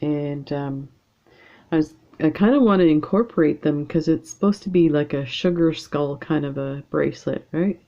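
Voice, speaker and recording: Working on beads at home, this Canadian woman hosts her channel with casual, meandering chatter and many filler words. She speaks at a moderate pace in a low-pitched, mellow voice, recorded with a lo-fi sound.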